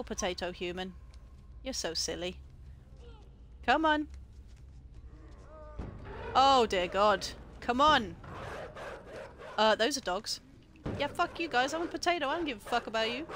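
Woman, game streamer, high voice, unhurried, giggly and sweary, late-night home stream. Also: animated, fairly bright tone, a little hiss or hum. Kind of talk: live gameplay commentary.

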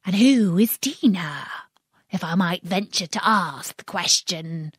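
A woman's voice: on the low side, expressive, slow pace, breathy edge, no room sound, studio quality, heavily acted. A woman voicing a lory bird in a storybook reading, speaking primly and wistfully.

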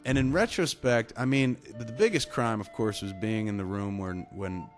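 A man's voice: fairly low pitch, moderate pace, faint music behind. A man co-hosting a podcast, telling a rambling, profanity-laced story in casual chat. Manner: profane, rambling anecdote with laughs. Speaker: podcast co-host.

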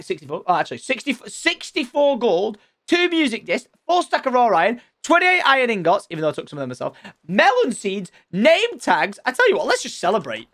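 A young man narrates his gameplay in a lively Let's Play style, his pitch leaping up and down as he thinks aloud. He is chatty and excitable, talking straight to his viewers. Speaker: gaming channel host.

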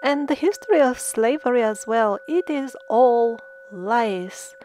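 Earnest high-voiced woman narrating. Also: expressive, measured pace, darkish tone, slight background noise. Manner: earnest, explanatory, with frequent "uh" hesitations. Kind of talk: monologue narration.

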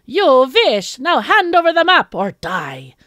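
A woman's voice: very high voice, big pitch swings, a little slow, fairly bright tone, no echo, clean studio sound, voice pushed up, full character voice. A woman voicing a vile female German commando villain in a video game, attempting a shaky German accent. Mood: gloating.

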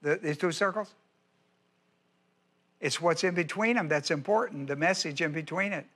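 High-voiced, bright male Bible teacher. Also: normal speed. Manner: emphatic, repeats key phrases, quizzes listeners. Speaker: pastor.

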